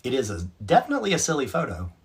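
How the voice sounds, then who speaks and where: A man hosts a relaxed livestream and reads out viewer comments one by one. His voice is husky and a little breathy. He talks in a chatty, self-mocking way and laughs easily. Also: mid-range voice, rapid-fire. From North Carolina, USA. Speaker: livestream host. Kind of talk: casual live chat, reading out viewer comments.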